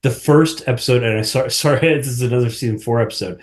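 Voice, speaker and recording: A man's voice: mid-range voice, fast talker. A man talking as a guest on a casual podcast, rambling with lots of fillers and restarts, often breaking into laughter. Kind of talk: casual chat.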